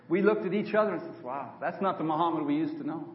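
A man's voice: on the high side, quick pace. An older man, a preacher, telling a story in a sermon and acting out the dialogue. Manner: animated storyteller, quotes others in dialogue. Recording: echoey hall from far off, dull.

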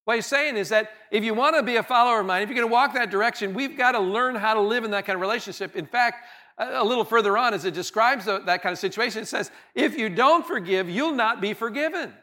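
A man with a high, bright voice preaches to his congregation in a church. He talks in an earnest, conversational way and often stumbles and restarts his words. He sounds like a pastor speaking plainly to his people. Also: quick pace. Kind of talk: sermon. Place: church sanctuary.

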